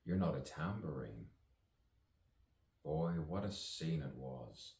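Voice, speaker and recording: A man's voice: very deep voice, lively intonation, takes it slowly, gravelly, a little mellow. A man improvising spoken-word poetry, musing and playful, with chuckles between lines. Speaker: actor and poet. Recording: roomy sound from a distance.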